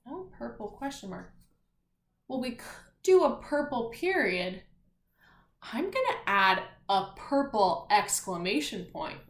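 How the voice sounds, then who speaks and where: Slow, patient teacher woman in an echoey room. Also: a little high, big pitch swings. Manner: patient and encouraging, sounding words out letter by letter. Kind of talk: slow, clear remote spelling lesson for children.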